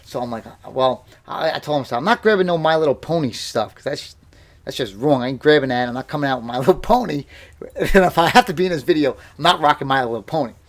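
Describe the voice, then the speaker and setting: A man's voice: fairly high pitch, expressive, quick pace. A man in his thirties, hosting a live stream from home, telling rambling, self-mocking stories in casual chat. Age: 30s. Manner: rambling, self-mocking, bursts into loud laughter. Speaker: livestream host and boxer.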